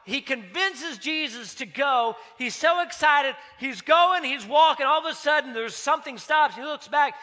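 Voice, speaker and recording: A man's voice: very high-pitched, normal speed, hardly any pauses, pushed and bright. A man preaching a sermon as pastor, talking in a conversational way and telling stories with acted-out dialogue.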